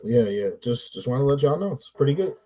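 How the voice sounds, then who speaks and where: A man hosting a casual sports talk show, playful and hyped, giving drawn-out shout-outs. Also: medium pitch, animated, poor audio. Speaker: podcast host.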